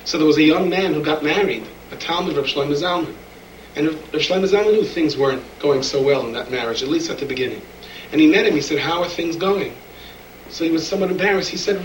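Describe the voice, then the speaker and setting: A man's voice: a little high, fast, recorded from a distance, a little hiss or hum. A man preaching a sermon and telling stories, acting out the voices of the people in them. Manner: animated storyteller, acts out voices in quotes. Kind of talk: sermon storytelling. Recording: echoey room, speaker away from the mic.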